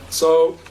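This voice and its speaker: A man as spiritual teacher giving an informal talk to a gathering, conversational, checking understanding with questions and laughing easily. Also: dark tone. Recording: echoey room, distant mic, faint hiss.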